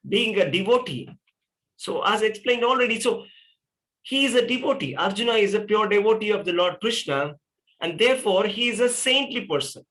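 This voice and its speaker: High-voiced, bright man teaching scripture. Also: low-quality recording. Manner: explains patiently, poses and answers rhetorical questions. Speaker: spiritual teacher. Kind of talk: scripture class lecture.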